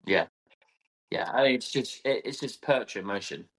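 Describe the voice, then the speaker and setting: Guy on a podcast, middle pitch, gushes a lot, really enthusiastic. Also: expressive, moderate pace, fairly bright tone, husky. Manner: enthusiastic, gushing. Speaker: podcast co-host, event rider. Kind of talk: casual chat.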